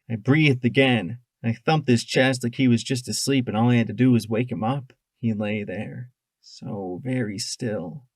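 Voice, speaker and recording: A man's voice: medium pitch, measured pace, no room sound. A man narrating a first-person fan audiobook in an emotive way, close to the mic. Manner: emotive, shifting from tense to hushed.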